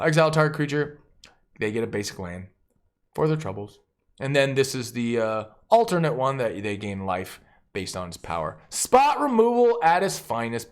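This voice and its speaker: Male host, card deck review, very animated pitch, energetic and jokey, rattles off card text fast. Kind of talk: enthusiastic casual deck review.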